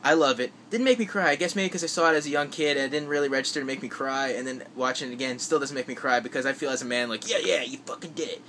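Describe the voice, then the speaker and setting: A man's voice: medium pitch, very fast, few pauses, sharp tone, slight background noise. A man rambling through his movie list in a casual vlog, with lots of fillers and restarts. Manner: rambling, many fillers and restarts, acts out quotes. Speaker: vlogger.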